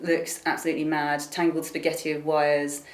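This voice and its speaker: A woman hosting a casual chat, reading out local event listings in a relaxed way. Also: low-pitched, a little fast. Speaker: host. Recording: echoey room.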